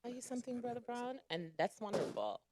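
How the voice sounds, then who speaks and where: A woman's voice: fairly high pitch, expressive, fairly quick, darkish tone, a little hiss or hum. A woman speaking earnestly to a church gathering, emphatic as she exhorts them toward healing. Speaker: church member.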